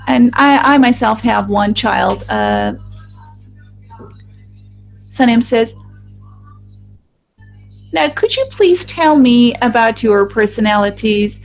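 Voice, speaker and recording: A woman giving a live voice-over interpretation of a group discussion, speaking in a halting way with restarts and fillers. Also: on the high side, animated, creaky, soft background music, rough recording.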